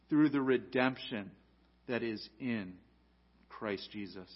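A man preaching a sermon as pastor, rising to loud emphatic peaks and dropping to quiet, low lines. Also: slow, long pauses, highs cut off.

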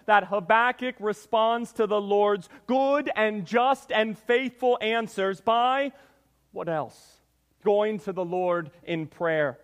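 A man preaching a sermon as pastor, reading scripture and praying, with an emphatic delivery that often calls the listeners church. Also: sits high. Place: church sanctuary. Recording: long reverb of a church hall.

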